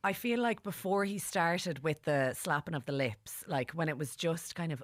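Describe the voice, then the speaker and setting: A woman's voice: low voice, no echo. A woman with a Dublin accent chatting as a podcast guest, giggly and full of stories. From Ireland. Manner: giggly, storytelling, quick asides. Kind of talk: casual chat.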